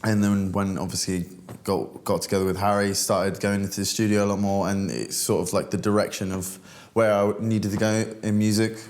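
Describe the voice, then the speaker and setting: A young man from England with a fairly low voice, talking through his music background. He is easygoing and agreeable, pausing with short fillers. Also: level tone, a little mellow. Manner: easygoing, agreeable, slightly hesitant. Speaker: musician guest. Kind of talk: casual chat.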